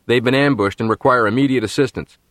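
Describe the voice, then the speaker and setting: A man reading an audiobook, voicing a young army lieutenant who talks in brisk, clipped military speech. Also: medium pitch, fairly bright tone, no echo, studio quality, lightly acted. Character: young male army lieutenant, eager and bold.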